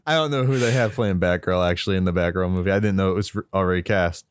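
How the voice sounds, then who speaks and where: A man co-hosting a casual talk about a movie, relaxed and swearing often. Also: low-pitched, fast, clear, resonant tone. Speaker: podcast co-host.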